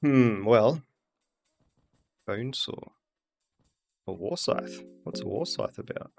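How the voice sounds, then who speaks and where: A man's voice: mid-range voice, expressive, slow pace, creaky, darkish tone, faint music behind. An Australian man streaming a game, muttering and thinking aloud as he plays in casual commentary.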